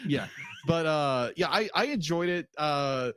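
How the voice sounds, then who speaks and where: A man's voice: fairly high pitch, lively intonation, a little slow, fairly bright tone, clear, resonant tone. Easygoing man chatting on a podcast. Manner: easygoing, laughs often, acts out quotes. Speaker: podcast co-host. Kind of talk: casual chat.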